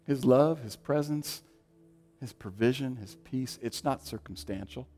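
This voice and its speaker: A man preaching a sermon, swinging from loud, emphatic lines to hushed, quiet ones. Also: mid-range voice, unhurried, soft background music. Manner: dynamic, shifting from loud to hushed. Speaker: pastor.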